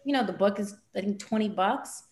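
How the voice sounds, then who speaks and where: A woman speaking as a life coach guest in a podcast interview, animated, acting out conversations with her clients in big leaps of voice. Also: medium pitch, brisk, reverberant.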